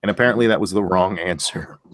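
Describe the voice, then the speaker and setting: A young adult man hosting a casual livestream chat, telling animated stories and talking over cohosts. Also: low-pitched, fast. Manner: animated storyteller, acts out voices in anecdotes. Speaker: podcast host.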